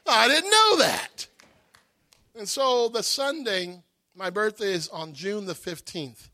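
A male preacher giving an emotional, animated sermon testimony that rises to shouts. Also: high voice, takes it slowly, no echo.

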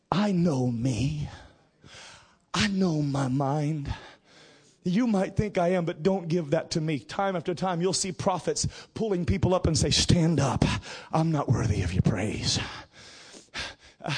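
A middle-aged male pastor preaching a sermon, building to drawn-out shouted emphasis. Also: high-pitched, slightly rough.

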